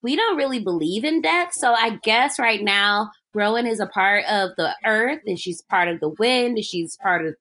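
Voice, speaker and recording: A woman voicing a serene islander teacher who talks about death in a soft, airy, matter-of-fact way. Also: medium pitch, lively intonation, normal speed, hardly any pauses.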